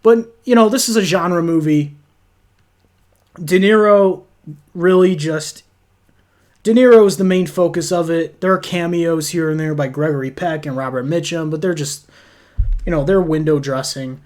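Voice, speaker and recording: A man's voice: fairly high pitch, normal speed, darkish tone. A man casually reviewing movies, blunt and opinionated, swearing freely as he rants. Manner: blunt, profane, opinionated ranting.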